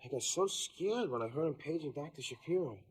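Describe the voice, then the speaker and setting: An actor playing an excitable, panicky young husband with a jittery New voice in a sitcom. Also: male voice, on the high side, fast talker, a little hiss or hum, lightly acted. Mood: shaken. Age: young adult. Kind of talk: sitcom acting.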